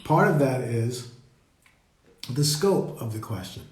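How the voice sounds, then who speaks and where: A man leading a live meditation talk, speaking slowly and reflectively and greeting viewers as they join. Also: medium pitch, animated. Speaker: meditation teacher. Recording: roomy echo.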